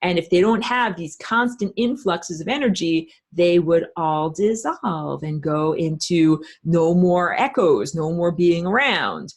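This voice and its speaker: A woman's voice: on the low side, lively intonation, measured pace, hardly any pauses. A woman teaching an online class, talking in a rambling, emphatic way with many fillers and restarts. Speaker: spiritual teacher.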